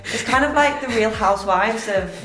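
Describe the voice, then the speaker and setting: A woman's voice: a little high, normal speed, fairly bright tone. Giggly young woman in an echoey room. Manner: mock-posh, giggly, teasing. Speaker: vlogger giving a joking house tour. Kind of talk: casual playful tour chat. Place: rooms of a large house, indoors. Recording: echoey rooms with music behind.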